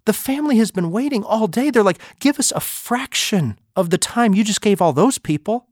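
A man's voice: high voice, lively intonation, moderate pace, a little mellow, dry recording, clean studio sound. A man hosting a podcast, giving an emphatic motivational talk full of rhetorical questions. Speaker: podcast host and speaker.

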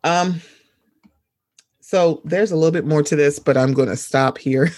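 A man's voice: fairly high pitch, unhurried, a little mellow, dry recording, studio quality. A man reading an article aloud and breaking off to add his own emphatic commentary.

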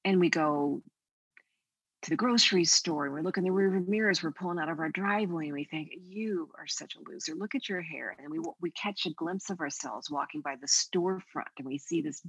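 An older woman guest speaking on a faith podcast, telling stories in an animated, expressive way. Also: low-pitched, a little fast, slightly rough, no room sound, highs cut off. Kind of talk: conversational podcast interview.

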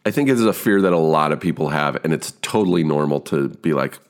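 A man in his fifties with a rich baritone voice, rambling casually as a podcast host, swearing and poking fun at himself. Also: animated, quick pace, few pauses. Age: 50s. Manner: rambling, swearing, self-deprecating. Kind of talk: casual monologue.

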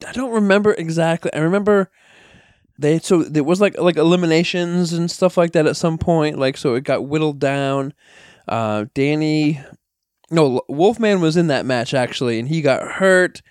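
A man with a somewhat high voice tells a story on a podcast, rambling through fillers and laughing often. The sound is dry and close, with no room around it. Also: normal speed, darkish tone, no room sound. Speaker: podcast guest, wrestler. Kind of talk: casual storytelling chat.

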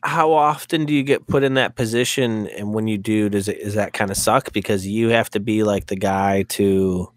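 A man's voice: lowish voice, steady tone, normal speed, hardly any pauses, dry recording. A man co-hosting a podcast, chatting in a laid-back casual way, swearing and laughing easily. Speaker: podcast co-host.

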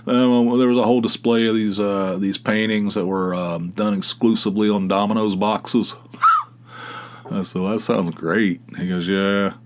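A middle-aged man with a fairly low voice talks through a casual, rambling story as a podcast host. He restarts his sentences often and drops sarcastic asides. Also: fairly even intonation, measured pace, slight background noise.

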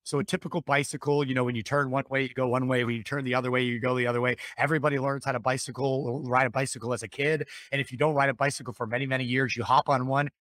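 Energetic, persuasive man on a podcast. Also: mid-range voice, rapid-fire, few pauses, no echo, clean studio sound. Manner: energetic, persuasive, repeats words when excited. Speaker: podcast guest, business coach. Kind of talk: conversational interview talk.

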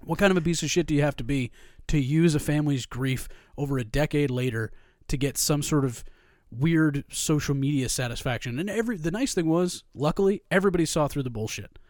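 A man's voice: fairly high pitch, a little fast, darkish tone, no room sound, studio quality. A man co-hosting a sports podcast, ranting with heavy profanity in a casual chat. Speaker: podcast co-host.

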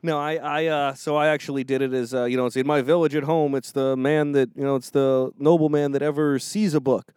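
A man's voice: mid-range voice, fairly even intonation, a little fast, hardly any pauses, a little mellow, clean tone, dry recording, clean studio sound. A man, a defense attorney and regular guest, telling rambling stories and laughing mid-sentence. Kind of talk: casual podcast chat.

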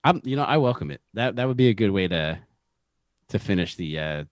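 A man's voice: fairly low pitch, a little fast, no room sound, clean studio sound. A man in his early forties co-hosting a podcast in casual chat, swearing a lot and mocking himself. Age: 40s. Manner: profane, animated, self-mocking. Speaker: podcast co-host.

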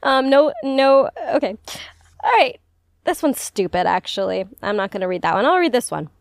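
Playful young woman with a lively high voice. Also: gravelly, dry recording, clean studio sound. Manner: playful, laughs often, quick jokes. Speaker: podcast co-host. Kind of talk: casual chat.

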